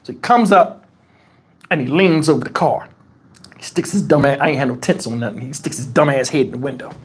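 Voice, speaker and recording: A man's voice: high-pitched, fast, slight background noise. A man hosting a livestream, telling a story in casual, profane chat and acting out the dialogue as he goes. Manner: animated, profane, acts out quoted dialogue. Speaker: livestream host. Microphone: wireless lavalier.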